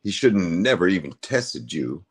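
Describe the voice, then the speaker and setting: A man in casual chat, earnest and halting, often agreeing and trailing off. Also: low voice, big pitch swings, slightly rough.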